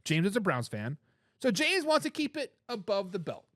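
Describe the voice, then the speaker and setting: Lively, high-pitched sports talk host. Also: male voice, moderate pace, no echo, studio quality. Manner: animated, opinionated, reads chat comments aloud. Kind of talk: live sports talk show.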